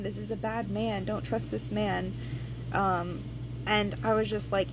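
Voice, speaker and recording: A woman's voice: medium pitch, background noise. A woman casually telling a personal travel story, hesitating at times and acting out the quoted lines. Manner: conversational retelling, with hesitations and acted-out quotes.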